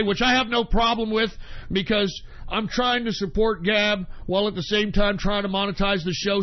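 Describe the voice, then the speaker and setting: A man hosting a casual talk radio show and answering listener questions in a profane, ranting way, with sudden shouted bursts. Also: high voice, highs cut off.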